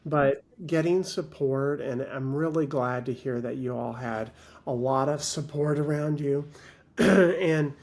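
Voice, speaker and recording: Slow, gravelly male life coach. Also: medium pitch, a little mellow. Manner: measured, with many pauses and fillers. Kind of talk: reflective interview talk.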